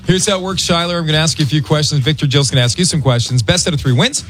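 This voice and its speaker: A man hosting a morning radio show, telling stories in an animated, exasperated way. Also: a little high, rapid-fire, music in the background.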